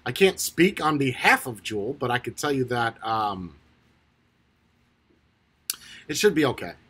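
A man's voice: medium pitch, very animated, normal speed, fairly bright tone, husky. A man hosting a casual live stream, reading out and answering viewers' comments, often breaking into laughter and swearing casually. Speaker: livestream host reading chat.

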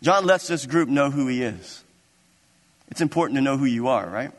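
A man's voice: medium pitch, expressive, moderate pace, long reverb tail. A man preaching a sermon as pastor, impassioned and building into emphatic, repeated declarations.

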